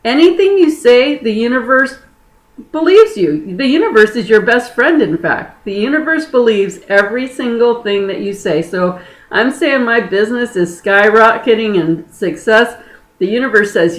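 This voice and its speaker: A woman spiritual healer teaching manifestation in a video, talking with growing enthusiasm and breaking into excited whoops. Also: on the high side, moderate pace. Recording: roomy echo.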